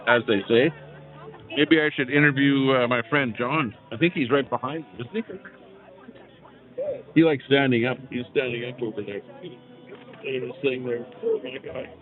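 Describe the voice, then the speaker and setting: A man of medium pitch speaks at a moderate pace with long pauses. Sitting in a chair at an outdoor rally, he hosts a live stream, chatting loosely and greeting chat viewers through a small clip-on mic, recorded with tinny, phone-like lo-fi sound.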